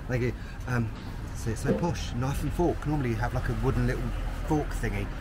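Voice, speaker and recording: A man's voice: medium pitch, normal speed. Cheeky London man in his thirties, self-mocking travel vlogger, street noise audible. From London, England. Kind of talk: casual vlog commentary. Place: on a train, city streets and a chip shop.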